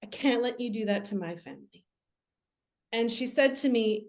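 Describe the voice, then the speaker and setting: A woman's voice: fairly high pitch, lively intonation, moderate pace. A young woman, a medium, telling her own story as an interview guest in an earnest, reflective way with many fillers.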